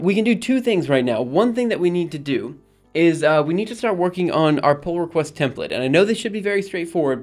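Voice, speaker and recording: Upbeat male streamer, a touch high-pitched, chats loosely with viewers while coding; soft music under him. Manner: rambling, upbeat, lots of fillers and laughs. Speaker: livestream host. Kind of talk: casual coding livestream chat.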